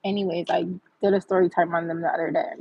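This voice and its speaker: Woman, husky, dull lo-fi sound, chatty animated storytime. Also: lowish voice, fast, no echo. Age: adult with a child. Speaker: vlog host. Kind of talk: casual storytime.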